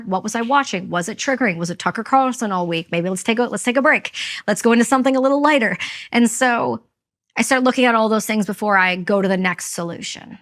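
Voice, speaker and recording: A woman from Canada tells a personal story in an interview, speaking candidly and with emphasis. Her voice has a gravelly, fried edge at a middle pitch. She acts out the words of the people in her story. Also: a bit bright. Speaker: podcast guest, army veteran.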